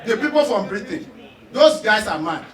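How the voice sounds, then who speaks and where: High-voiced Nigerian man doing stand-up. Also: normal speed, echoey room, recorded from a distance, rough recording. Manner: animated, loud storytelling with laughs and shouts. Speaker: stand-up comedian. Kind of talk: stand-up comedy.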